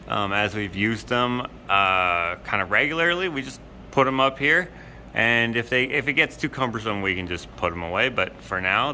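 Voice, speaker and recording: Man, mid-pitched, bright tone, casual rambling shop vlogger; faint background noise. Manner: rambling, filler-heavy, self-deprecating. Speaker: woodworker vlogger. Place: woodworking shop indoors.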